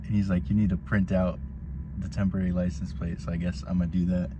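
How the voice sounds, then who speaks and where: A man's voice: deep voice, fast. A young man ranting casually and profanely from his car, rambling with constant "bro" and "like". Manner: profane, excitable, heavy use of "bro" and "like". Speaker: vlogger recounting driving incidents. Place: inside a car. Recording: dull lo-fi sound with loud road noise.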